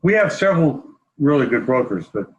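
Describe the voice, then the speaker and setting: A man chats as a guest panelist over a video call. His manner is relaxed and self-deprecating, with a middling pitch for a man. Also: a little fast, highs cut off. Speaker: domain broker and guest panelist. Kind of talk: casual panel chat.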